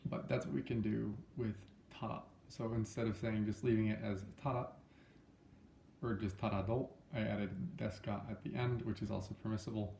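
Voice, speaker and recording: Young guy teaching a lesson, chill and rambly, lots of ums, dark mellow voice, echoey room. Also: on the low side, fairly even intonation, moderate pace, vocal fry, slight background noise. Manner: loose and chatty, many fillers and self-corrections. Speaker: language teacher. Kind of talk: casual spoken lesson.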